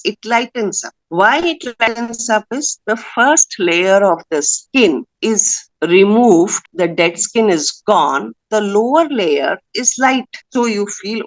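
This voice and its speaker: A woman leads an online workshop over a video call. She speaks earnestly and persuasively, pressing her points with firm conviction. Her voice sits at an ordinary middle pitch for a woman. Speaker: workshop speaker, skincare brand owner. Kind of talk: motivational online workshop talk.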